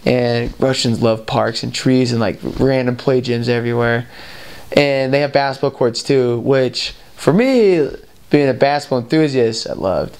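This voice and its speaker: A man's voice: medium pitch, a little mellow, clear, resonant tone. Young American man telling a rambling story. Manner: rambling, full of "like" and "you know". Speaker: returned missionary. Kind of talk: casual storytelling.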